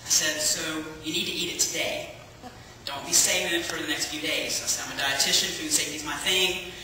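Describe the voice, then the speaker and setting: A woman giving a personal testimony as a lively storyteller, acting out the dialogue and laughing often. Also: low voice, brisk, background noise. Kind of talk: personal testimony to a church audience. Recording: echoey hall, from far off.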